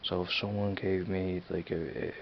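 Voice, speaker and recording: A man's voice: low voice, level tone, normal speed, creaky, highs cut off, slight background noise. A man with a Dublin accent chatting casually in a home vlog, rambling and repeating "you know what I mean". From Ireland. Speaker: vlogger. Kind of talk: casual accent tag video.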